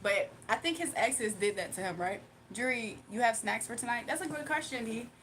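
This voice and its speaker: A livestream host from Virginia, USA chats casually, reads viewer comments and playfully teases her audience, laughing often. Her voice is on the high side, fairly bright and lively, and a bit fast, with a little hiss or hum in the recording.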